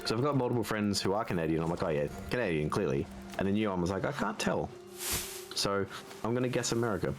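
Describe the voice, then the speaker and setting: A man's voice: lowish voice, big pitch swings, fast, vocal fry, music in the background. A man chatting on a live stream, joking and teasing his friends. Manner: teasing, jokey. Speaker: guest co-streamer. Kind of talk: casual live-stream chat.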